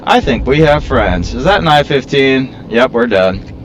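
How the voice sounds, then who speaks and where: A man's voice: medium pitch, animated, a little slow. A man talks through his gameplay in a loose, rambling way, poking fun at himself and grumbling as he goes. His voice swings up and down with plenty of life, over a faint background hiss. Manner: rambling, self-mocking, prone to complaining. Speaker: gaming video creator. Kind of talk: casual gameplay commentary.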